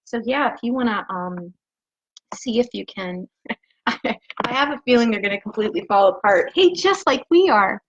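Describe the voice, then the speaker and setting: Chatting casually with viewers from her kitchen, this bubbly, gushing cooking live-streamer laughs often. She has an expressive mid-range voice at normal speed. Her laptop on the counter records her with the highs cut off and slight background noise.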